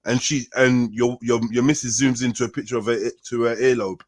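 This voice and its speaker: A man's voice: mid-range voice, steady tone, a little fast, no room sound. Man, insistent, repeats himself, casual live podcast debate, swearing, video call audio. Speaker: podcast panelist.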